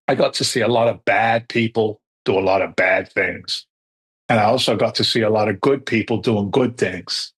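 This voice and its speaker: Husky animated male storyteller. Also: on the low side. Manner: animated storyteller who acts out quoted dialogue. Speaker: podcast guest, real estate investor. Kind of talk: storytelling interview answers.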